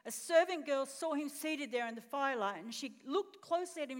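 High-voiced woman preaching. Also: a little fast. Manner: expressive storytelling, asks the congregation questions. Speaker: pastor. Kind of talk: sermon. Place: church auditorium. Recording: long reverb in a church hall.

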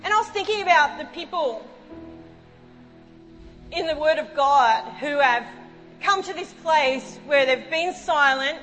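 High-voiced woman preaching in a reverberant hall. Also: a little slow, long pauses, faint music behind. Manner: animated, acts out quotes, exclaims. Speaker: pastor. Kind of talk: sermon with storytelling.

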